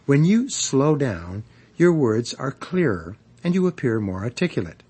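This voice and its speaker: A man reading his own guide to public speaking as scripted audiobook narration, measured and instructive. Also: medium pitch, big pitch swings, mellow, slightly rough. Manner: measured, instructive, varies emphasis for examples.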